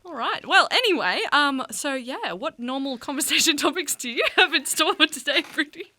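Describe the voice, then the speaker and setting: A woman co-hosting a youth radio podcast in a studio, telling stories in a giggly, animated way. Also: high-pitched, a little fast. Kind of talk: casual chat.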